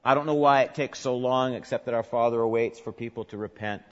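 A male pastor preaching a sermon, swinging from soft, low murmurs to loud, emphatic peaks. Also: fairly even intonation, fairly quick. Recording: dull sound with long hall reverb.

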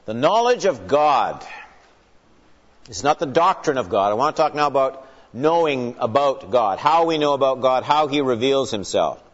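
A man's voice: mid-range voice, lively intonation, normal speed. A man giving an earnest, emphatic Bible lecture that opens with a prayer, with wry asides along the way. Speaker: Bible teacher. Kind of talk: teaching lecture opened with prayer. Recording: long hall reverb, dull lo-fi sound.

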